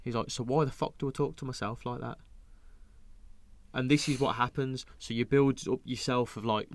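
A man's voice: mid-range voice, fairly even intonation, normal speed. A young man hosting a podcast, talking in a rambling, sweary way and acting out the lines he quotes. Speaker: podcast host. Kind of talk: casual podcast chat.

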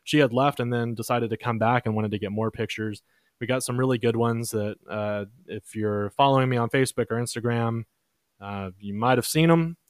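A young man hosting a podcast, casually telling a long story in a relaxed, chatty way and lifting his voice when he quotes others. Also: mid-range voice, brisk, smooth, dry recording, clean studio sound. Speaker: podcast host.

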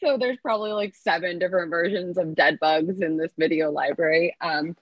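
A woman from California, a fitness coach guest on a podcast, talking in a lively, upbeat way as she thinks her ideas through aloud. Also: fairly low pitch, fairly quick, dry recording, dull audio. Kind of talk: casual podcast interview.

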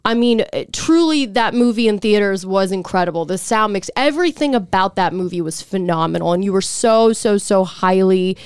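A woman's voice: medium pitch, lively intonation, normal speed, few pauses, a little mellow, clean tone, no echo, studio quality. A woman hosting a casual podcast chat, rambling with restarts and swearing freely. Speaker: podcast host.

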